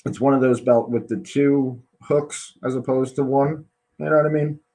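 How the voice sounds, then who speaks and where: A man's voice: medium pitch, fairly even intonation, moderate pace, warm tone, poor audio. A man hosting a podcast interview, telling frank stories in casual chat with many fillers. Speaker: podcast host.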